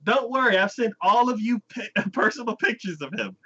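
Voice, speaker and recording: A man's voice: high-pitched, lively intonation, moderate pace, sharp tone, husky, voice pushed up, heavily acted. A man voicing a doting old demon grandfather who gushes proudly over his grandson, in a slightly dull recording.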